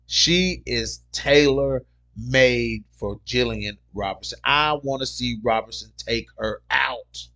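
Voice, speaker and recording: An excitable man hosts a casual livestream about fights, reading viewer comments aloud as they come in. He talks in loose slang and repeats his points over and over. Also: medium pitch. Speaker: MMA livestream host.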